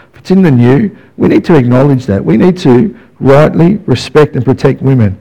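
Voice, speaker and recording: Preaching to his church in a conversational manner, this pastor keeps checking in with the congregation through frequent "yeah?" prompts. He has a mellow voice on the high side, captured in poor audio.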